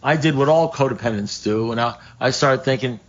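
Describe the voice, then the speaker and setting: A man's voice: medium pitch, brisk. A man speaking at a recovery meeting, telling a story in a loose, conversational way, with wry asides and restarts, acting out other people's lines. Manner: acts out quoted dialogue. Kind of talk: storytelling talk to a live group. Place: meeting room at a recovery group. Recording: dull lo-fi room recording, faint noise.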